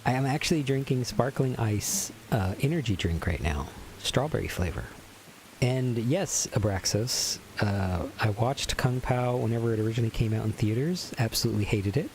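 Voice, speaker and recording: A Texan man casually talks with his viewers while streaming a game, using a theatrical, mock-somber voice into a filtered desk mic. The voice is mid-range, animated and a little mellow at a moderate pace, with slight hiss or hum in the background.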